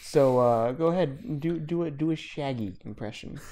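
A man's voice: a little high, normal speed, warm tone. Teasing young man egging his friends on. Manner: teasing, eggs the others on. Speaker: podcast co-host. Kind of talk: casual joking chat among friends.

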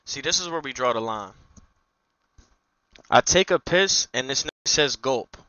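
A man livestreaming a game role-play, casual and brash, trash-talking and often breaking into loud yelling. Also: mid-range voice, lively intonation, normal speed, no room sound, dull audio.

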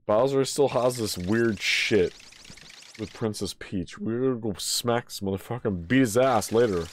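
A man's voice: on the low side, moderate pace, slight background noise. Profane joking man playing a game. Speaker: streamer. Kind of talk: casual game commentary.

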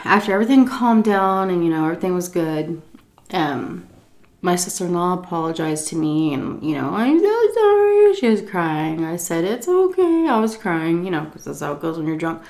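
A woman in a casual storytime video at home, animated and profane. Her own voice sits a little low, but she jumps into a high, squeaky register whenever she acts out what people said. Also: moderate pace, echoey room. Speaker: YouTube storyteller. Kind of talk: casual storytime while eating. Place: home, indoors.

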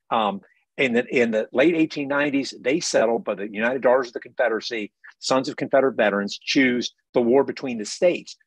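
A man's voice: medium pitch, husky, no room sound. An author with a faded Southern accent, talking in an emphatic book festival interview over a video call and often restarting his words.

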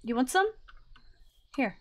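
Excitable woman playing a game role-play. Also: sits high, slow, slight background noise. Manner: playful, excitable, laughs often. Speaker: role-player. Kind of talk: casual live-streamed game role-play.

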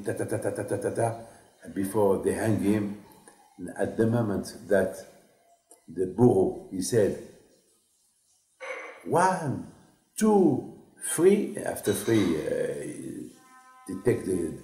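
Slow, halting rabbi. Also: male voice, lowish voice, warm tone. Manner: halting, repetitive storytelling. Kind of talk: storytelling sermon. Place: synagogue class hall. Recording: echoey room.

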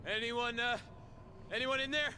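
A man's voice: very high-pitched, fairly even intonation, moderate pace, sharp tone, exaggerated voice. An actor voicing a male firefighter hero in a video game, speaking dry, matter-of-fact quips. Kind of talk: video game character dialogue.

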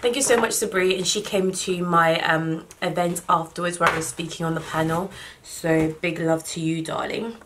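A young woman, chatting casually through a gift unboxing vlog, warm and thankful. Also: sits low, little pitch movement, normal speed, background noise. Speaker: vlogger.

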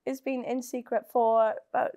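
A woman with a Welsh accent and a high, light voice. She talks in a loose, teasing way and keeps breaking into laughter. She sounds like a guest in a relaxed podcast chat. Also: moderate pace. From Wales. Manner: giggly, teasing, laughs often. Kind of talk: casual chat.

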